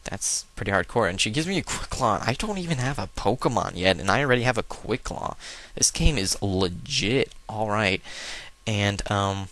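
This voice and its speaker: A man's voice: lowish voice, animated, normal speed, a bit bright. A man giving casual, rambling and joking commentary over a video game he plays. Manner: rambling, joking, lots of fillers. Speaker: let's play host.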